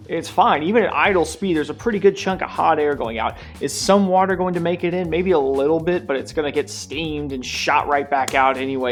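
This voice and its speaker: A young man hosting a motorcycle vlog, casual and playfully sarcastic. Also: on the high side. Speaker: motorcycle vlogger.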